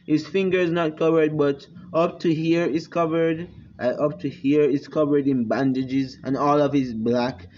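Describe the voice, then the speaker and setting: A man's voice: fairly high pitch, steady tone, moderate pace, few pauses, a little mellow. A man casually narrating an improvised fan story at home, rambling with fillers and giggles. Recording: lo-fi with background noise.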